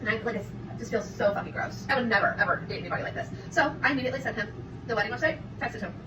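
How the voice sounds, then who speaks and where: A woman rattling off a dating story in her kitchen at a very fast clip, in rapid, animated gossip. Her voice is a little high and comes through a roomy, distant phone recording. There is clear background noise behind her. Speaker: TikTok storyteller. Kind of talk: storytime vlog. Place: home kitchen.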